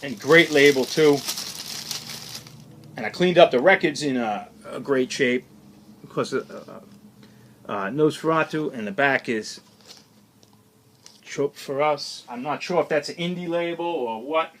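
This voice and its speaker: A man's voice: on the high side, measured pace, pauses often, fairly bright tone, a little hiss or hum. A man who collects records, talking casually through his latest vinyl finds in a chatty, opinionated, rambling way. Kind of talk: casual unscripted record haul chat.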